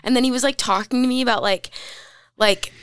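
A woman guest on a podcast, telling an excited anecdote in casual chat. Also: fairly high pitch, a little fast, smooth, no room sound.

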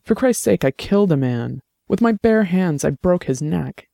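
A shaken young woman speaks in a soft, halting voice, on the edge of tears, as a man puts her on. The voice sits a little higher, with a gravelly edge, in a dry, close sound. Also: animated, no room sound. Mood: fragile, tearful.

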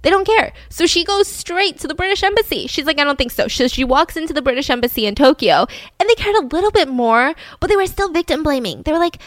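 A woman's voice: high-pitched, very animated, a little fast, no room sound. A woman casually retelling a true-crime story, chatty and full of "like", acting out the quotes. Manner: chatty, peppered with "like", acts out quotes.

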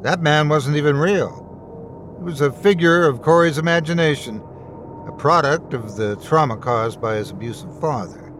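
A man narrating a scary story in an expressive, storytelling way. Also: on the high side, moderate pace, slight background noise. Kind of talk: scripted horror story narration.

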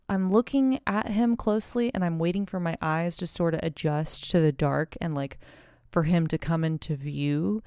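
A woman co-hosting a podcast over a video call, telling a story in a casual, animated way with lots of fillers and some swearing. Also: on the low side, clean tone, dry recording, clean studio sound. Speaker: podcast co-host.

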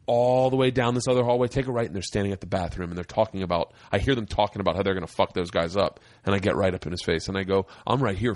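A young stand-up comedian, appearing as a podcast guest, tells a wild story in casual, profane chat and acts out the voices. His voice is lowish, with no echo.

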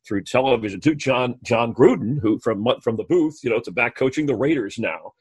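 Brief: relaxed man hosting a podcast, husky mid voice. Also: mid-range voice, moderate pace. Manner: easygoing, laughs along. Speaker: podcast host. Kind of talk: casual interview chat.

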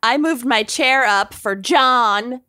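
A woman's voice: fairly high pitch, slow pace, bright, forceful tone, smooth. A woman co-hosting a casual podcast. She reads the promos and chats in an upbeat, enthusiastic way. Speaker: podcast co-host.

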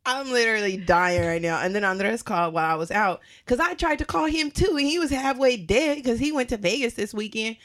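A young woman co-hosting a casual podcast chat, telling a story with lively acted-out quotes and frequent laughter. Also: on the high side, a little fast, few pauses. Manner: animated storyteller, acts out quotes, laughs often. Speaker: podcast co-host.

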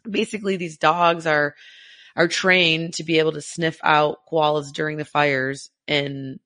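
A woman co-hosting a casual podcast, talking in an emotional, halting way as she gets teary. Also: sits low, level tone, a bit bright. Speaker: podcast co-host.

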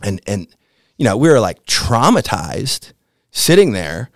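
A man in his fifties from the American Midwest, a podcast guest telling a story in a laid-back, slangy way that gets animated as it builds. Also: on the low side, measured pace, no echo, clean studio sound. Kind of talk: casual storytelling.

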